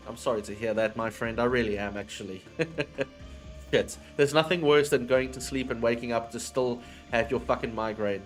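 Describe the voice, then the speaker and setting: A man's voice: medium pitch, moderate pace, faint music behind. A man chatting casually with his chat audience on a livestream. He swears freely and drifts between topics.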